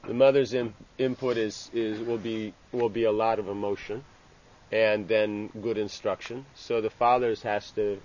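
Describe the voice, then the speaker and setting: Halting, low-voiced man teaching scripture. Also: flat delivery, a little mellow. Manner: halting, with many restarts and "you know". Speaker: religious teacher. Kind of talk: informal scripture class. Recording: dull lo-fi with faint ambient hiss.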